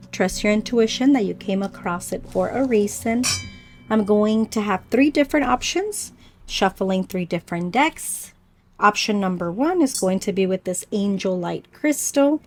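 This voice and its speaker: A woman with a medium-pitched voice leads a pick-a-card spiritual reading. She speaks gently and reflectively, addressing her viewers directly. She pauses often and now and then trips over a word. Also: lively intonation. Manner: unhurried with pauses and small stumbles. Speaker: oracle card reader.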